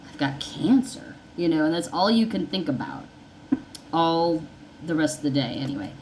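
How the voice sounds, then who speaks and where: A woman's voice: deep voice, sing-song, normal speed, darkish tone, a little hiss or hum, rough recording. A woman telling her own story in a casual, rambling way, often acting out what people said. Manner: rambling, conversational, repeats herself, acts out dialogue. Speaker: vlogger sharing her story.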